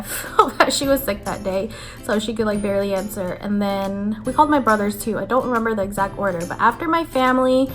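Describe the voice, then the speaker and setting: A young adult woman vlogging to camera, telling a story in a chatty, animated way with lots of "like" fillers. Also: mid-range voice. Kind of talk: casual chat to camera. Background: faint background music.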